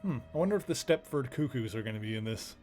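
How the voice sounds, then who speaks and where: A man streams a video game and chats along in a loose, joking way, full of fillers and asides. His pitch sits mid-range. Faint game music plays behind him. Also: lively intonation, fast, darkish tone. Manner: chatty and joking, with filler words. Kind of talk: casual let's play commentary.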